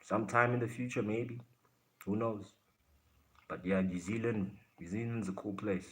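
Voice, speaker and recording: A man's voice: lowish voice, fairly even intonation, normal speed, a little hiss or hum. A man from South Africa hosting a live stream, casually answering his chat in a blunt way and laughing often.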